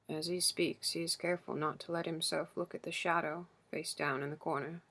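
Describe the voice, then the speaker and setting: A woman narrating a literary novel in the first person, in a slow, measured storytelling manner. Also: deep voice, level tone, pushed and bright, breathy edge. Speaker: audiobook narrator.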